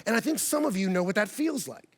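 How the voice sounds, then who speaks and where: High-voiced animated man preaching. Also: quick pace, breathy edge. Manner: animated, acts out quoted dialogue with big pitch jumps. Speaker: pastor. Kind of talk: sermon with personal storytelling.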